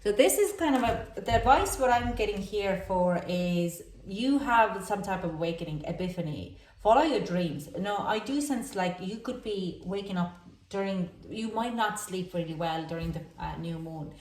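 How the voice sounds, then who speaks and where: Halting, emotional woman reading tarot, echoey room. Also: mid-range voice, expressive, darkish tone, far from the mic. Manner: halting, emotional, many fillers and restarts. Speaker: tarot reader. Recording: echoey room, voice a little off-mic.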